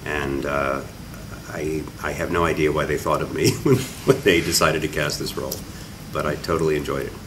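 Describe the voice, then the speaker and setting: A man with a very deep voice speaks in a wry, self-mocking, chatty way in a casual press interview. Loud background noise from a busy convention hall sits behind him. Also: normal speed, distant mic. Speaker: actor interviewed at a press junket.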